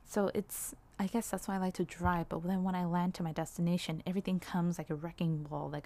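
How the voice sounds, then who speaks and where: A young woman with a lowish voice talks to camera in a personal vlog. She speaks candidly and rambles a little, dropping soft laughs and lots of "like"s between her thoughts. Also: flat delivery, fairly quick, few pauses. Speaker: vlogger.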